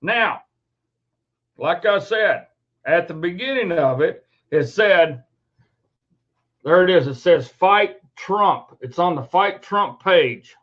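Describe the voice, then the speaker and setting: Man, angry rant, swearing, fairly high voice, muffled lo-fi sound. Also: lively intonation, slow, pauses often, a bit bright. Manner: indignant, swearing, emphatic. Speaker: host. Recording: dull lo-fi recording.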